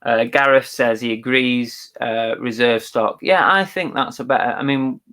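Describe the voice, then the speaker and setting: A man's voice: medium pitch, unhurried, fairly bright tone. Chatty man co-hosting a livestream. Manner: chatty, agreeable, thinks aloud with restarts. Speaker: co-host of a live reselling show. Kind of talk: casual live-stream chat, reading viewer comments.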